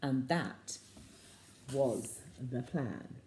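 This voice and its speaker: A woman reads a picture book aloud to children, slow and unhurried with a lively, swooping delivery. Her voice is low and mellow, and she drops into soft whispers for asides. The room gives it a noticeable echo. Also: slight background noise. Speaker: storyteller for children. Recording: echoey room.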